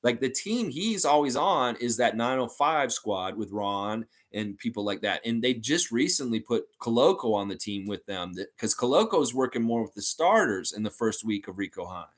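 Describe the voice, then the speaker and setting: A man's voice: medium pitch, moderate pace, hardly any pauses. A man hosting a fan channel livestream in a casual, rambling chat, reading out viewer comments and talking on at length. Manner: rambling and animated, with many fillers like "and stuff like that".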